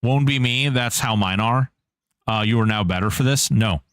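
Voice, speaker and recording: A man's voice: mid-range voice, normal speed, a bit bright, smooth, no echo, studio quality. A man streaming gameplay live, joking with chat and hyping up giveaways. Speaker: game streamer.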